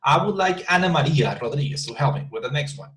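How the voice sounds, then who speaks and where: A man teaching an online English class, patiently repeating example sentences slowly with the stress moved around. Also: a little high, animated, a bit bright, poor audio.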